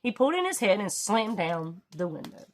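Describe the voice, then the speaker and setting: A woman reading a children's storybook aloud with expressive, dramatic delivery. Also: normal speed, a little hiss or hum. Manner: expressive, swinging pitch for drama. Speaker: storybook reader. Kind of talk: read-aloud storybook narration.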